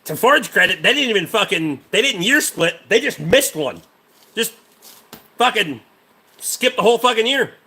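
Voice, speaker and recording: Profane chatty mechanic man, bright voice. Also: high voice, very animated, normal speed, husky. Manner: profane, rambling, answers chat. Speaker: livestream host, mechanic. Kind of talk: casual livestream chat.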